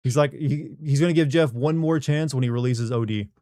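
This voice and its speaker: Wry, mellow-voiced streamer. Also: male voice, mid-range voice, fairly quick, no echo, studio quality. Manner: wry, rambling, reads chat aloud. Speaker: livestream host. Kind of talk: casual post-stream chat.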